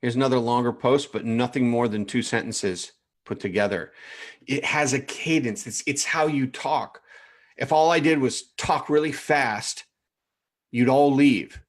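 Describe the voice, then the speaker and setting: In a mid-range voice at a measured pace, a man coaches a live training session, reading through profiles with animation. He repeats himself often and calls viewers by name.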